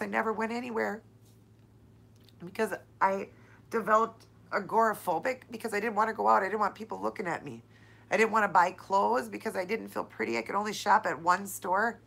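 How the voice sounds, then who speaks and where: A woman's voice: medium pitch, vocal fry, a bit bright, slightly rough. Effusive, encouraging woman hosting a live chat. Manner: talks straight to viewers, calling them "you guys" and "honey". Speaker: channel host answering live viewer questions.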